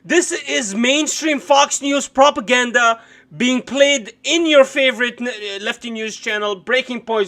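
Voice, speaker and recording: A man's voice: very high-pitched, expressive, measured pace, a bit bright. A man live-streaming his reaction to a news clip, ranting indignantly and swearing often.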